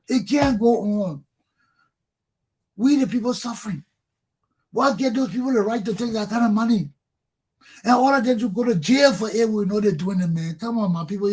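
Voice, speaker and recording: A husky-voiced man with a Liberian English accent, pitched fairly high for a man. He rants in a heated, profane talk-show monologue, hammering phrases over and over. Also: darkish tone. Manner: angry, profane ranting with repeated "man". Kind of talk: impassioned political monologue.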